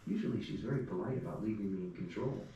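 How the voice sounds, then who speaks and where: A man's voice: fairly low pitch, lively intonation, fast talker, dark tone, muffled recording. A man voicing a perky, teasing young barmaid in an echoey room. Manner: teasing, breezy. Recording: echoey room, distant mic, faint hum.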